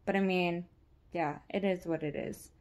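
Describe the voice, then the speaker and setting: A woman's voice: lowish voice, fairly even intonation, normal speed, darkish tone. A young woman talking candidly and rambling with lots of fillers in a casual vlog. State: pregnant. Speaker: vlogger.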